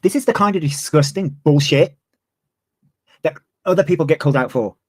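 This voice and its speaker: A man's voice: fairly high pitch, normal speed, no echo. A man in his twenties, ranting heatedly on a livestream and swearing freely. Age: 20s. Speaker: streamer. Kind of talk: livestream commentary.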